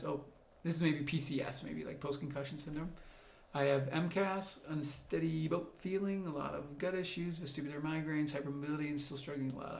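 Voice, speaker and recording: Flat-voiced man answering viewers live. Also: on the high side, creaky, reverberant, slight background noise. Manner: conversational, explanatory, thinks aloud while answering. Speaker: doctor hosting a live Q&A. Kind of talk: livestream Q&A, reading and answering viewer comments.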